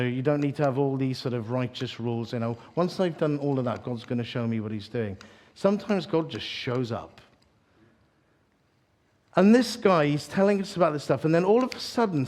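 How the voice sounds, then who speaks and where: A man preaching a storytelling sermon, animated and self-mocking, acting out the voices in his story. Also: medium pitch. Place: church hall, live audience.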